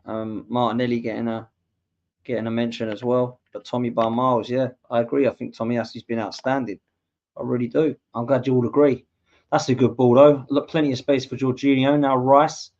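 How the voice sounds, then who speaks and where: A man from England commentating live on a match as a fan podcast host, reacting loudly to play and reading viewer comments. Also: mid-range voice, a little fast. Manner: excitable, shouts at goals, reads out viewer comments. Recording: dull lo-fi mic.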